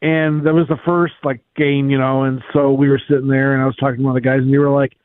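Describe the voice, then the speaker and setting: Animated storyteller on a tinny line. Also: male voice, mid-range voice, quick pace, clear, resonant tone, no echo. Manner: rambling, animated storyteller full of "like" and "you know". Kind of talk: sports talk radio storytelling.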